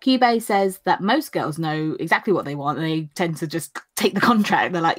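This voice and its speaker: A woman, recapping anime episodes in casual chat, chatty and quick to laugh. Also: fairly low pitch, lively intonation. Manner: chatty, laughs often, acts out lines in funny voices. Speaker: podcast co-host recapping anime.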